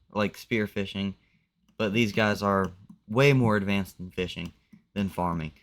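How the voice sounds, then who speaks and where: A commentator casually narrates a map simulation, keeping it loose and conversational and saying "like" a lot. His voice is fairly low and smooth.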